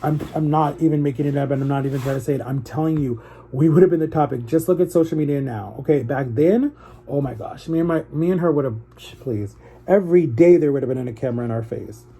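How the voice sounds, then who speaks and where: A man's voice: fairly high pitch, fast talker, mellow, slightly rough. A young man vlogging to his viewers, telling a personal story in an emotional, rambling way that circles back on itself.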